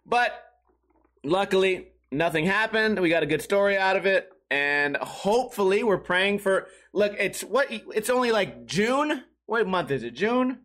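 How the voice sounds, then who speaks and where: A man's voice: high voice, expressive, a little slow, fairly bright tone. A man hosting a comedy podcast, telling crude, profane stories in a rambling monologue, laughing at his own jokes and acting out the people in them. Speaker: podcast host.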